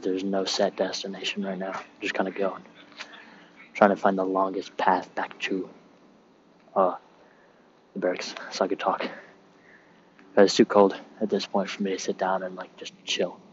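A young man with a very low, flat voice rambles loosely and swears as he walks outdoors on a base. He sounds dull and lo-fi, with faint outdoor ambience behind him. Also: slight background noise. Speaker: sailor recording a podcast. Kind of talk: casual rambling monologue while walking. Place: outdoors on a military base, cold.

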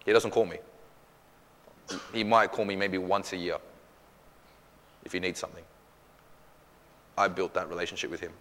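A man, a pastor, answering questions from his congregation in a casual, animated way, acting out little quoted exchanges. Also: sits low, normal speed, long pauses, long reverb tail. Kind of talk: church Q&A teaching.

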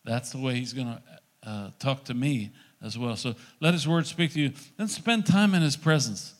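A man's voice: medium pitch, normal speed. A middle-aged male pastor giving a conversational sermon, acting out little dialogues as he teaches.

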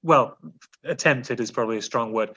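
A man's voice: mid-range voice, normal speed, pushed and bright, breathy edge. A man hosting a podcast quiz in casual chat, joking and teasing. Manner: jokey, teasing. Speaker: podcast host running a quiz. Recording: slightly dull, lo-fi sound.

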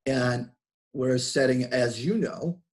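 Boston man as a relaxed podcast guest. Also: mid-range voice, slow. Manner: relaxed, reflective, many fillers and restarts. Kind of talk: casual interview chat.

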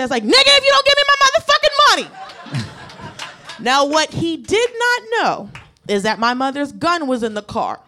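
A woman tells a stand-up story. She is profane and animated, and she acts out the people in it. Her delivery swings from loud to hushed. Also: high-pitched. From United States. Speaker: stand-up comedian. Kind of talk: stand-up comedy set.

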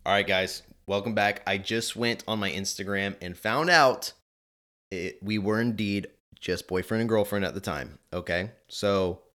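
A man's voice: on the low side, measured pace, faint music behind. A man hosting a casual podcast, rambling and correcting himself as he talks. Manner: animated, rambling, self-correcting. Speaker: podcast host. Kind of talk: casual chat.

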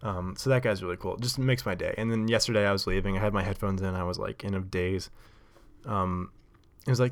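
With a clear, resonant voice on the low side, this podcast host talks fairly quickly as he rambles through a story. His casual monologue is full of fillers, repeated "likes" and self-corrections, and he laughs often.

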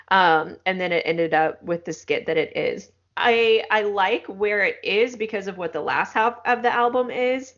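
A woman's voice: medium pitch, a little slow, few pauses, fairly bright tone, highs cut off. A woman co-hosting a podcast in a casual, chatty way, with many fillers. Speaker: podcast co-host. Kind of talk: casual chat.

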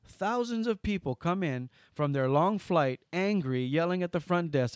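A man, a guest on an interview podcast, telling lively stories and acting out the dialogue. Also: fairly high pitch, measured pace, no room sound, studio quality. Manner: lively storyteller, acts out dialogue. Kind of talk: casual interview storytelling.

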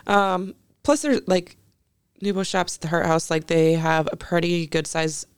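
A woman, a podcast guest talking in a relaxed, dryly joking way. The studio sound is close and dry. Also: fairly low pitch, a little slow, clear, resonant tone, no room sound. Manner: relaxed, wry, laughs easily. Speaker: podcast guest, craft creator. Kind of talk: casual chat.

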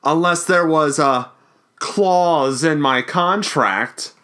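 A man's voice: on the high side, pushed and bright. A man doing a dramatic reading as a cackling, punning ghoul who hosts horror tales. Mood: gleeful. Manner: hammy, punning, drawn-out delivery. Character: cackling ghoulish male crypt keeper host.

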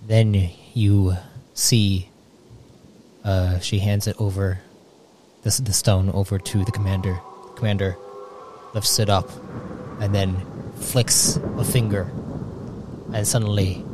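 A man narrating a tabletop game as game master, halting with fillers. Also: on the low side, level tone, a little mellow, a little hiss or hum.

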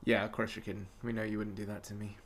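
A man co-hosting a casual podcast, chatty and animated, laughing often as he tells stories. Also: lowish voice, fast talker. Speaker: podcast co-host. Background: dog whining.

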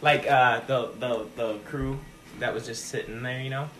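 A man's voice: medium pitch, steady tone, moderate pace, a bit bright. A young man talking casually among friends. He tells stories with energy and acts out his friends' lines. A faint hiss sits under the recording. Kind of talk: casual chat.

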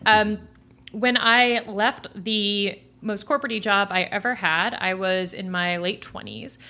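Brief: woman in her thirties, podcast guest, crisp bright tone, easy laughing chat. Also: mid-range voice, fairly even intonation, unhurried. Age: 30s. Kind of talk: casual podcast conversation.

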